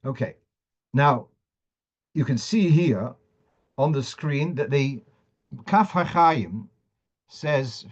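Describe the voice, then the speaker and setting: The dull, lo-fi recording holds a Torah law lecture from a rabbi's weekly class. With a mid-range, slightly mellow voice, he reads sources aloud in Hebrew and Aramaic and explains them in English, often restarting his sentences.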